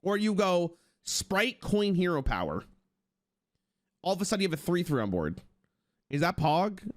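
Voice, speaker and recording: A man streaming, reviewing new cards for his live chat, excitable and swearing as he thinks aloud. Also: sits high, normal speed.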